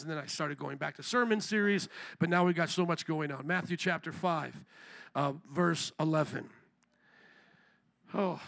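A man delivers an impassioned sermon in a high, bright voice. He leans on rhetorical questions and calls for amens, pressing his point with a tense edge. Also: gravelly. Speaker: pastor.

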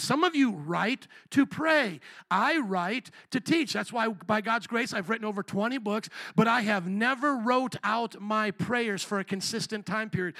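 High-pitched animated preacher man. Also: vocal fry, dry recording. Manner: animated storytelling, acts out quotes. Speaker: pastor. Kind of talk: sermon.

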